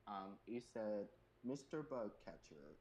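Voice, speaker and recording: A man with a fairly low voice hosts a casual group stream, reading viewer questions aloud. He hesitates often, filling gaps with "um". A faint hiss of noise sits under his voice. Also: expressive, slow pace, darkish tone, rough recording.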